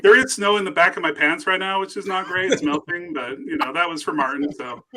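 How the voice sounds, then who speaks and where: A man's voice: high-pitched, fairly quick, sharp tone. A man co-hosting a livestream, joking and playful as the entertainer. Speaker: livestream co-host. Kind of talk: casual livestream chat.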